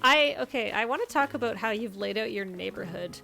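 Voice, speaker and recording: A woman hosts a relaxed stream chat, full of gasps and eager praise. Her voice sits a touch high and has a gravelly edge. Faint game music plays softly behind her. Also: fairly quick. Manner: enthusiastic, gasps often. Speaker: stream host. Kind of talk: casual chat.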